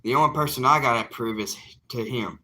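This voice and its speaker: Bright-toned evangelist, plainspoken. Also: male voice, medium pitch, brisk. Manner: earnest, plainspoken, defiant. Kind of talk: casual livestream talk to viewers.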